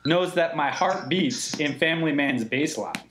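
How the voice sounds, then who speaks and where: A man from Lebanon, a guest musician telling stories in casual podcast chat, animated and swearing freely. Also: fairly high pitch, measured pace, a little hiss or hum. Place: barbershop in Brooklyn.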